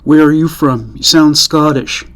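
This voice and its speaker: A man's voice: fairly high pitch, a little slow, lightly acted. A man voicing an easygoing young Scottish drifter in a true-crime story, chatting casually and friendly.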